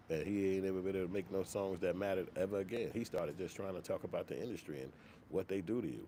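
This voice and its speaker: A man hosting a commentary channel, talking in a casual, profane, animated rant. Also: low voice, a little hiss or hum. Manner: profane, animated, slips into mock quoted voices.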